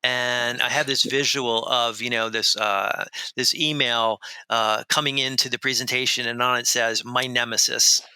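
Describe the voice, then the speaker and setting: A man speaking as a guest author in a podcast interview, telling a story in an animated, rambling way with many restarts. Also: mid-range voice, moderate pace, hardly any pauses, clean tone, no echo, rough recording. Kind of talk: conversational storytelling.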